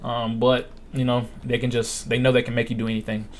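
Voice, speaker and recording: A man's voice: mid-range voice, level tone, a little fast, slight background noise. A young man in his twenties hosting a casual live-stream Q&A, telling blunt, profane stories and acting out what others said. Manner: blunt, profane storytelling, acts out quotes. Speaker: live stream host answering questions.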